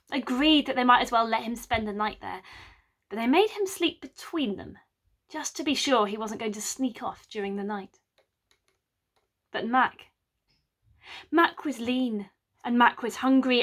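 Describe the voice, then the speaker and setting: Wry woman storyteller, slightly high. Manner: lively, wry asides to the listener. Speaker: storyteller, medieval drama scholar. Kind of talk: oral storytelling of a medieval play.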